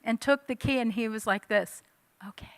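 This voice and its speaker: A woman in her fifties giving a sermon, telling a personal story with animated delivery and acting out her own past lines. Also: on the high side, normal speed, no echo. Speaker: church speaker. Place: church hall.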